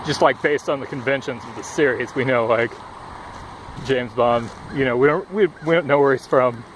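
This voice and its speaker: A man's voice: medium pitch, normal speed. A young man vlogging outdoors, rambling and out of breath, with lots of fillers and swearing. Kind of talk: rambling casual monologue. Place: outdoors by a busy road. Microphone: headphone cord mic. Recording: faint traffic noise outdoors. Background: passing cars.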